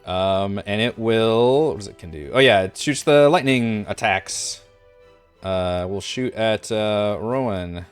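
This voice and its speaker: A man's voice: lowish voice, slow pace, clean tone, soft background music. A man running an online tabletop game as game master, talking casually and thinking aloud with many fillers.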